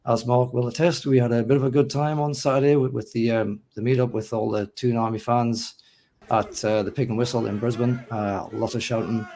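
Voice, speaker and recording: A man with a mixed North East English accent hosting a casual football podcast, his throat hoarse and rough, chatting in a self-mocking way. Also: mid-range voice, flat delivery, fairly quick, warm tone. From North East England. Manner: chatty, self-mocking, lists names steadily. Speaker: podcast host.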